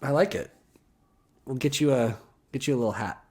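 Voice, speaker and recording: A man co-hosting a casual comedy chat show, playful and quick to laugh. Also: medium pitch, a little mellow. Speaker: co-host.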